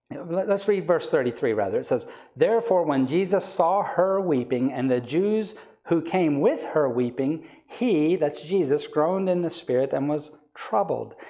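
A man preaching a sermon with a mellow, dark tone. He reads scripture aloud, then explains it and builds to emphatic points. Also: a little high. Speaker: evangelist preacher.

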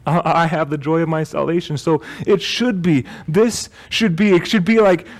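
A man's voice: a little high, steady tone, normal speed. A man preaching a sermon as pastor, talking in a loose, joking way and often correcting himself mid-sentence. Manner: conversational and joking, with self-corrections. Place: church.

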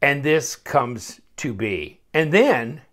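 A man's voice: mid-range voice, sing-song, slow pace, fairly bright tone. A man giving a casual, rambling knife review, chuckling often and interrupting himself as he goes.

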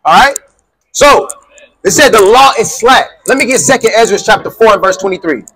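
A man's voice: high-pitched, lively intonation, fairly quick, sharp tone, poor audio. A man preaching in the street with call-and-response, insistently quizzing a listener and repeating his questions.

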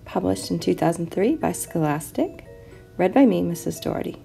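A woman teacher reading a children's picture book aloud, expressive and animated. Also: on the low side, moderate pace, gravelly, soft background music.

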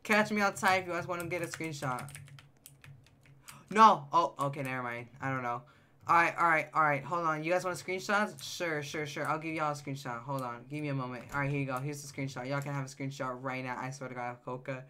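A male game streamer with a high-pitched voice that sometimes cracks, chatting excitedly and answering his live chat while he plays. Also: a little fast, clear, resonant tone. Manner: excitable, chatty, reacts to chat, repeats phrases.

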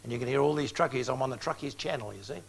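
A man's voice: mid-range voice, very fast, gravelly, slight background noise. A man in his sixties preaching an evangelistic sermon, speaking directly to his audience and telling stories with acted-out dialogue. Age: 60s. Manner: direct, storytelling, acts out dialogue.

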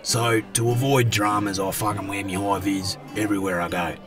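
Over music, a man with a fairly low, natural voice voices an easygoing Australian pub regular in high-vis for a cartoon. His delivery is laid-back, moderately paced and flat in pitch, and the character curses in every sentence.

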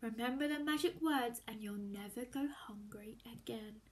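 A kindly witch speaks softly and sweetly, dropping at times to a hushed whisper, as a woman reading a storybook does her voice. The voice is high and lively, with a slow, gentle pace. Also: full character voice. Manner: soft and sweet, sometimes whispered.

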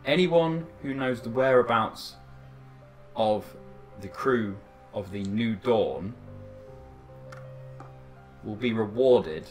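A man voicing a calm, resolute and authoritative herald making a proclamation. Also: on the low side, takes it slowly, long pauses, echoey room, soft background music, pitched above the performer's own voice. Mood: commanding.

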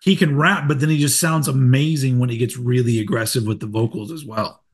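A man's voice: medium pitch, fairly even intonation, slightly rough. A man co-hosting a podcast who mostly agrees, adds his own memories and teases his partner. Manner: agreeable, teasing, quick to back up with "yeah". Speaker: podcast co-host. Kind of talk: casual chat.

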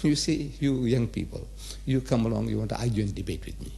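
A man's voice: medium pitch, a little fast, gravelly, warm tone. A man in his seventies giving a public religious lecture, emphatic and repetitive, asking the audience rhetorical questions. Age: 70s.

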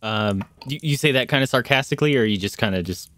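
A man's voice: mid-range voice, fast, fairly bright tone, slight background noise. A man narrating a tabletop game as game master, hesitant and filling with "uh" and "um". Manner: hesitant, full of fillers.

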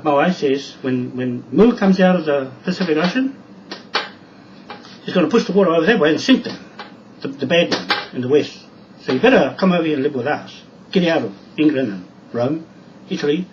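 Man vlogger, lively higher pitch, emphatic and rambling, mic far off, dull lo-fi sound. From New Zealand. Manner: rambling, emphatic, repetitive warnings. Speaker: video blogger. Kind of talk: rambling address to camera. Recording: distant, dull lo-fi sound with faint background noise.

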